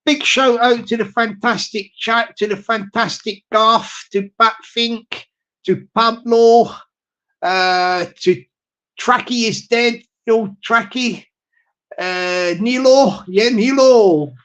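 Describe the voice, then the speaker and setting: A man's voice: extremely high pitch, fairly even intonation, slow pace, fairly bright tone, lo-fi sound. Rambling man with a Southwest English accent. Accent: Southwest England. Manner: chatty, rambling, repeats phrases, laughs often. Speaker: livestream host. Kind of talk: casual live-chat shout-outs.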